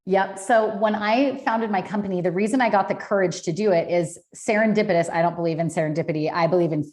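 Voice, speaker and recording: Speaking fast in a mid-range voice with a darkish tone, a business founder shares her personal story as a podcast interview guest. She tells it candidly and emotionally, using lots of fillers.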